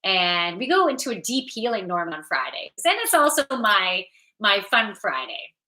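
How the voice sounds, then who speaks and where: A woman's voice: mid-range voice, very animated, moderate pace, pushed and bright. A woman from Ontario, Canada, chatting casually with viewers on a livestream as a yoga teacher and intuitive reader. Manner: upbeat and chatty, greets viewers by name.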